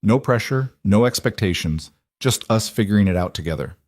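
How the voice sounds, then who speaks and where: A man voicing a tender, guarded wealthy single father who speaks in an earnest, gentle, reassuring way. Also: fairly low pitch, animated, normal speed, dry recording, clean studio sound, close to an everyday voice.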